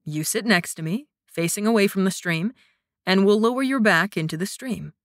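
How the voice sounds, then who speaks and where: A woman narrator voicing a young male warrior who teases and reassures in a low, steady voice in an audiobook. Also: moderate pace, no room sound, studio quality, lightly acted. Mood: calm. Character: young man, grinning teasing warrior.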